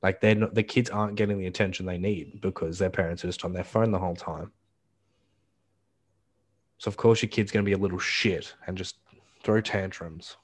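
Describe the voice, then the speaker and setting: A man's voice: low-pitched, fairly even intonation, brisk. A young man chimes in on a casual podcast, mostly agreeing and adding blunt complaints. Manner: agreeable, chimes in with short replies, blunt opinions. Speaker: podcast co-host. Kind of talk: casual chat.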